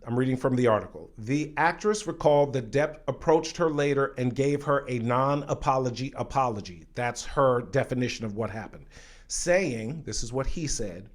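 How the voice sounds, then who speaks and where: A man's voice: mid-range voice, normal speed. A man teaching an online acting lesson. He talks emphatically and straight to the viewer, breaking off now and then to read aloud from an article. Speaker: acting coach.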